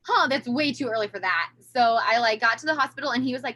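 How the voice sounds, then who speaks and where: A woman in her thirties, a podcast guest telling a long story in casual chat, animated and acting out the voices of the people she quotes. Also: fairly high pitch, fast talker.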